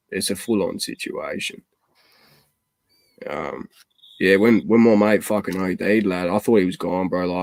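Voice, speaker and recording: Aussie guy, deep-ish voice, dead dry room, swears every other word, storytelling chat. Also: gravelly, darkish tone, no echo. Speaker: podcast host. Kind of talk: casual chat.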